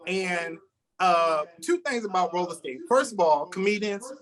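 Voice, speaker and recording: A man's voice: sits high, lively intonation, moderate pace, fairly bright tone, low-quality recording. A middle-aged man performing a rambling stand-up comedy set over a video call, with lots of restarts as he tells stories about his family. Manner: rambling storytelling with frequent restarts.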